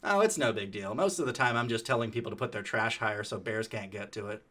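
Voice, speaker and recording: A man's voice: on the low side, quick pace, pushed and bright. A man doing a folksy older park ranger. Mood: friendly. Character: friendly, easygoing older male park ranger.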